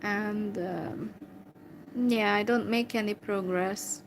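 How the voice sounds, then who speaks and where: A Hungarian woman talking to camera in English with a Hungarian accent, replying to a viewer slowly and hesitantly, with many fillers. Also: medium pitch, fairly even intonation, slight background noise, low-quality recording. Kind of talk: casual talk to camera.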